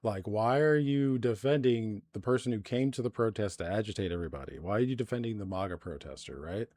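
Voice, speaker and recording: A man with a fairly low, darkish voice speaks briskly as a livestreamer ranting over live news commentary. He sounds exasperated and swears heavily, keeping things loose and conversational with plenty of fillers.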